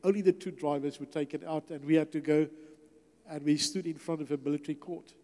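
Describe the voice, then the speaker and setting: A man's voice: on the high side, steady tone, fairly quick, a little mellow. Older man telling a testimony, reverberant hall. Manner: storytelling, acts out dialogue. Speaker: guest speaker. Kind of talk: testimony sermon. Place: church hall.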